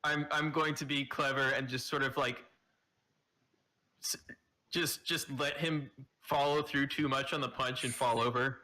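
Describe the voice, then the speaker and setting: Bright-voiced exasperated male player. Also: mid-range voice, steady tone, unhurried, low-quality recording. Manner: exasperated, laughing reactions. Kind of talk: tabletop game play.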